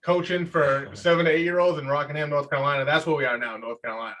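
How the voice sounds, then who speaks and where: A man's voice: a little high, fairly even intonation, rapid-fire, fairly bright tone. A man hosting a podcast in casual chat, joking and backing up his guest. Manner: joking, encouraging backchannels. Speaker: podcast host.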